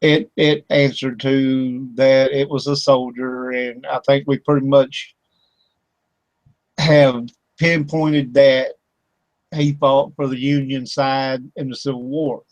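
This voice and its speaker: A man hosting an internet radio show and telling a loose, rambling story full of chuckles and stalled fillers. His voice sits at an ordinary middle pitch. He is recorded dry and close, with no room sound around him. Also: flat delivery, slow, dry recording, dull audio. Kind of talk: casual chat. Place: home studio for internet radio.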